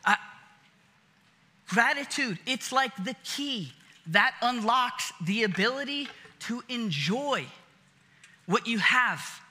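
A man's voice: extremely high pitch, lively intonation, takes it slowly, long pauses, sharp tone. A man preaching a casual sermon as a pastor, talking conversationally with lots of fillers and acting out little scenes. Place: church auditorium. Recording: long hall reverb.

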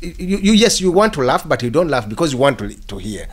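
Man telling stories in an interview. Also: a little high. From Uganda. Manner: halting, full of "you know" and restarts, rising when animated. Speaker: filmmaker guest. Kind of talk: reflective storytelling in an interview.

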